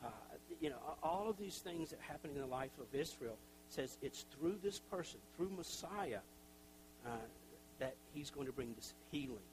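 A man's voice: on the high side, expressive, moderate pace, noisy background. A middle-aged man preaching a sermon as a pastor, talking conversationally with self-deprecating asides and acted-out quotes. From Tennessee.

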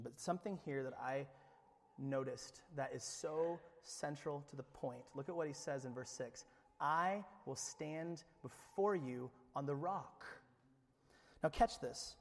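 A male pastor preaching a sermon, dropping to a hush and then rising loud as he acts out the voices of the story. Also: on the high side, big-room sound. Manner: animated preaching, swings from hushed to loud, acts out biblical voices.

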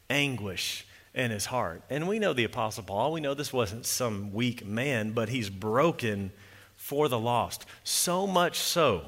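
A man preaching a sermon as pastor, earnest and emphatic, slowing down to read scripture solemnly. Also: mid-range voice, pushed and bright. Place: church sanctuary. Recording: church sanctuary reverb.

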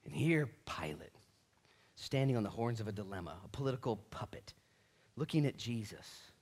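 A male pastor delivering a dramatic sermon, swinging between near-whispers and shouts. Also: fairly low pitch, animated, moderate pace, long pauses, breathy edge. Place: church.

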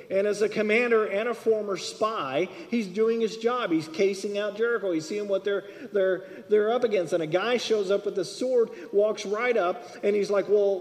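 A man preaching a sermon, animated, acting out dialogue and swinging between loud and soft. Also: sits high. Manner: animated, acts out dialogue with shifts in loudness. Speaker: pastor. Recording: long reverb of a hall.

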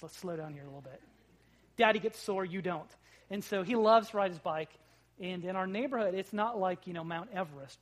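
A man in his thirties preaching a sermon, telling a family story with big swings from hushed to loud. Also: high voice. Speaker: pastor.

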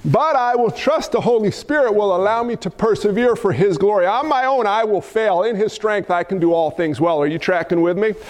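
A pastor preaches a fiery, animated sermon, calling on the congregation to respond and tossing in folksy asides and loud exclamations. His voice is high-pitched and a little fast, with hardly any pauses.

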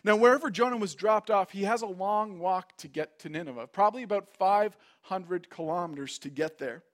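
Pastor guy with a high voice, storytelling sermon, does little voices for the people in it. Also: brisk. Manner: storytelling, acts out quoted voices.

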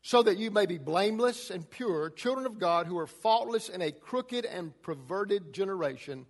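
A man's voice: sits high, expressive, normal speed, hardly any pauses, in a large hall. A man preaching a sermon to a congregation, emphatic, his delivery rising and falling. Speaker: pastor.

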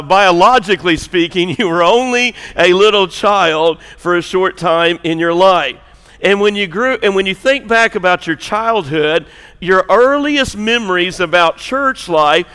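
A man's voice: high-pitched, fairly bright tone, clear, resonant tone. A man who is a lead pastor, preaching a sermon, joking and conversational with rising emphasis. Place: church auditorium. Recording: long hall reverb.

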